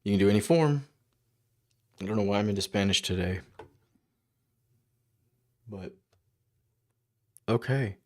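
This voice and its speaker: A man with a fairly low voice talks through his coding session, reading and reacting as he goes. He murmurs short asides and half-thoughts to himself in a relaxed, conversational way. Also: unhurried, long pauses. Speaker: developer livestreaming his coding. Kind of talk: casual thinking-aloud commentary.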